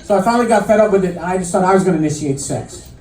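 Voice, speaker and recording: A middle-aged man doing a stand-up comedy set, telling deadpan stories full of fillers and restarts. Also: high-pitched, very fast, a faint crowd. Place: comedy club stage with live audience. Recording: echoey club mic heard from a distance. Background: audience laughter and room noise.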